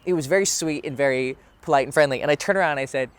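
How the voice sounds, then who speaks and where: A man's voice: a little high, very fast, smooth. Candid, swearing young man. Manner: candid, conversational, swears freely. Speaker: dating coach. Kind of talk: casual talk to camera. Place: outdoors near a bench.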